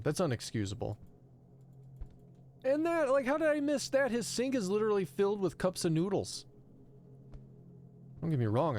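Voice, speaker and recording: A man's voice: mid-range voice, a little mellow, a little hiss or hum. A man streaming a horror game live, chatting and mocking the player character with casual swearing. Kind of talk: live gameplay commentary.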